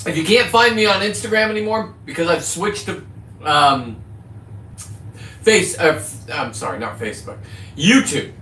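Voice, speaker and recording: A man's voice: sits high, animated, normal speed, pauses often, pushed and bright, echoey room. Boisterous, profane middle-aged man livestreaming. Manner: profane, boisterous, jumps between topics. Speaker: livestreaming content creator. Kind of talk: rambling casual livestream.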